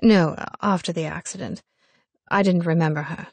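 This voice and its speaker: A woman's voice: fairly low pitch, steady tone, moderate pace, a little mellow, husky, no room sound. A woman reading an audiobook voices a polite, easygoing young man who sounds lightly amused.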